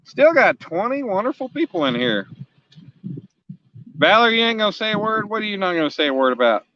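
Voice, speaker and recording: A man's voice: sits high, very animated, brisk, dry recording, muffled recording. A man in his forties, a fishing vlogger chatting casually on a live stream outdoors, joking and teasing his viewers as he rambles. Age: 40s. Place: outdoors on a riverbank.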